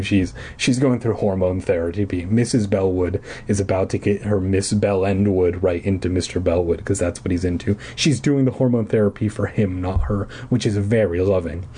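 A man reading a children's book aloud for comedy, dropping deadpan crude asides. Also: low voice, moderate pace, a little hiss or hum. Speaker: reader.

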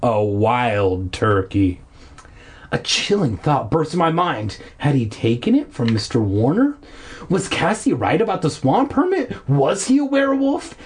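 Lively reader with a husky voice. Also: mid-range voice. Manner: lively, with sarcastic asides. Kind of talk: reading a children's horror book aloud with jokey asides.

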